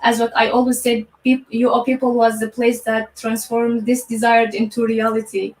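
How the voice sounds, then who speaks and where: A woman from Syria answers interview questions in a slightly high voice, often halting and repeating words as she searches for them. The recording is roomy and she sits back from the mic. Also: completely flat delivery, recorded from a distance. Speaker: graduate guest. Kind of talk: live online interview.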